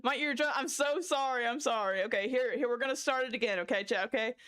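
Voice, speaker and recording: A young woman streams live and talks casually to her chat. Her voice sits a little high. She breaks into fits of giggles and drops curse words often, speaking close to a desk microphone. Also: quick pace, fairly bright tone. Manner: giddy, laughing fits, cursing. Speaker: livestreamer.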